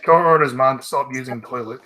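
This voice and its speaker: A Scottish man reading news stories aloud on a livestream in a halting, casual way, with swearing and asides. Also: medium pitch, sharp tone.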